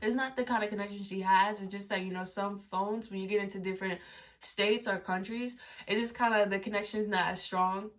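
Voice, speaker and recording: Chatty, rambling woman, distant mic. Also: mid-range voice. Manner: rambling, with many asides and fillers. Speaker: vlogger telling a story. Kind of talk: casual storytime chat.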